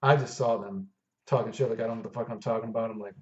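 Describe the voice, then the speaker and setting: A man's voice: medium pitch, steady tone, racing, a little mellow, recorded from a distance. A man hosting a gaming video, delivering a heated, profane, rambling rant with lots of fillers. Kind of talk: unscripted rant to camera. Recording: dull lo-fi recording.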